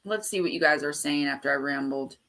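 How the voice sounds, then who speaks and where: Bright, animated woman hosting a live stream. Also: low-pitched, fairly quick, creaky. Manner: animated, rambling storyteller who acts out quotes. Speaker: host of a live paranormal talk stream. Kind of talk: casual livestream chat.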